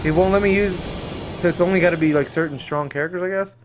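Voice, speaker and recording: Fast and high-voiced, a young man provides casual commentary on a game as a streamer, with game music underneath. He gets excited easily, swears plenty, and lets out yelps and laughs at what happens in play.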